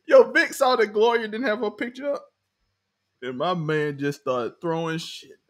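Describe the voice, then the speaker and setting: A young man co-hosting a casual TV recap chat, animated and laughing often, acting out the characters' lines. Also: high-pitched. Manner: animated, laughing, acts out quotes in character voices. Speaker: show co-host.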